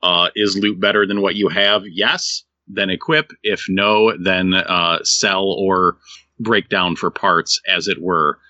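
Deep, forceful male co-host, casual and rambling, stuck with hiccups; dull close-miked sound. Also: steady tone, takes it slowly, no room sound. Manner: rambling, many restarts and fillers. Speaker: podcast co-host reviewing games. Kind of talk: casual chat.

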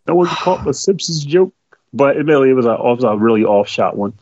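A man's voice: mid-range voice, expressive, fast talker, a little mellow. A man chatting casually with friends, rambling through stories and laughing often as he talks. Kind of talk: casual group chat. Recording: dull lo-fi recording.

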